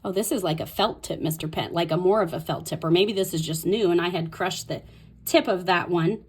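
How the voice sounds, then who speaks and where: Fast-talking woman thinking aloud. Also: lowish voice, husky. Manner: thinks aloud while writing, repeats words softly; fast talker. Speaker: host. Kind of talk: casual craft tutorial.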